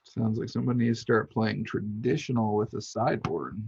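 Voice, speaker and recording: Gravelly-voiced man on a dull mic. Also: on the low side, steady tone, fairly quick, background noise. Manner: short dry teasing remarks. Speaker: podcast co-host. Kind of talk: casual chat.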